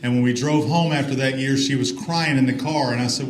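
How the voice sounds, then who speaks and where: A man's voice: mid-range voice, brisk. Folksy man at a podium. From Alabama. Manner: folksy, storytelling, upbeat. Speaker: athletics director. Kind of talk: ceremony speech. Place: large reverberant banquet hall. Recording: roomy hall with faint ambience.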